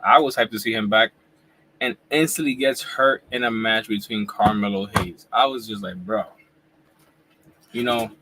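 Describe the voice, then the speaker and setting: A man in his forties with a fairly low voice chats about wrestling in loose, slangy talk, sometimes through a mouthful of food. It is a casual live reaction stream from home, with a faint hum underneath. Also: moderate pace. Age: 40s. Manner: laid-back slangy talk, eating while talking. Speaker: wrestling YouTuber host.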